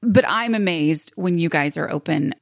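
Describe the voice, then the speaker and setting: A woman's voice: on the low side, normal speed, creaky, no echo, clean studio sound. A woman hosting a podcast, talking in a chatty, rambling way with lots of fillers. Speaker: podcast host. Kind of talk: casual podcast intro.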